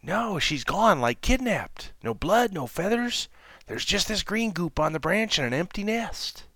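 A man voicing a sly male monkey with a soft New Orleans drawl. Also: mid-range voice, very animated, moderate pace, creaky, no room sound, voice pushed up. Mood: alarmed whisper. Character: sly male monkey, cool and laid-back.

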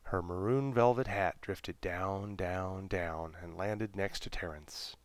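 A man reading a serialized children's story aloud in a gentle, unhurried storytelling manner. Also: deep voice, no echo. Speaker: narrator.

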